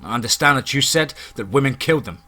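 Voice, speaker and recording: A man's voice: mid-range voice, lively intonation, fast, bright, forceful tone. A man voicing a stubborn male lawman who talks insistently in a raised voice, in a spoken horror story. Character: stubborn adult male lawman, accusing and blunt.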